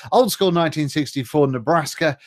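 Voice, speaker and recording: A man's voice: fairly high pitch, brisk, a little mellow. A middle-aged man hosts a casual live stream, reading out viewer greetings in a chatty, jokey way and stumbling over names.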